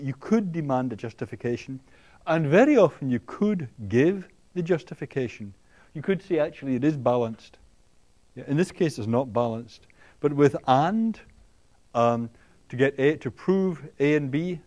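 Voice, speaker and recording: A man giving a university lecture, talking in a halting way with many ums and restarts, often checking in with the students. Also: mid-range voice, darkish tone. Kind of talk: classroom lecture. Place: lecture hall.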